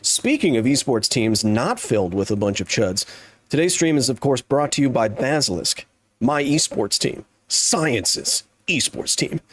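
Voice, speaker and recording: This thirties-aged streamer jokes his way through a live game at a moderate clip, his mid-range voice taking on a sing-song lilt. He's playful throughout, breaking into goofy voices and exclamations.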